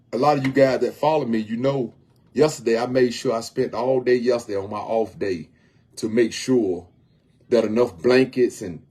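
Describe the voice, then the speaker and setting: A homeless outreach volunteer speaks casually on a livestream from his home, his medium-pitched voice husky and somewhat dark. He's earnest about helping people in need and often repeats himself.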